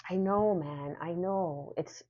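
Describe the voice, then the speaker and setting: Woman, tarot reader, low voice, lo-fi dull sound, repeats phrases, affirming. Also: slow, warm tone. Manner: repeats phrases, soothing and affirming, laughs to herself. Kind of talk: casual spoken tarot reading.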